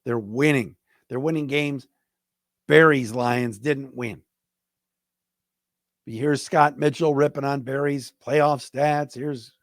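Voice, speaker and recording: A man's voice: medium pitch, fairly even intonation, slow pace, long pauses, no echo, clean studio sound. A man hosting a solo sports podcast, giving blunt, emphatic opinions in casual commentary. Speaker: podcast host.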